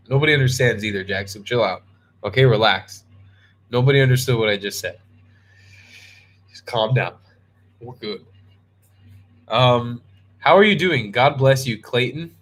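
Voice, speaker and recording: A man's voice: mid-range voice, normal speed, pauses often. Chatty young man reading live-stream chat. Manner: chatty, joking, talks to chat by name, many ums and restarts. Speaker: travel vlogger hosting a live stream.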